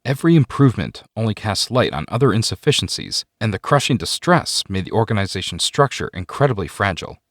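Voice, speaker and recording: A man giving a measured, scripted narration of a sci-fi story. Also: lowish voice, no room sound, clean studio sound. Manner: measured storytelling with expressive ups and downs.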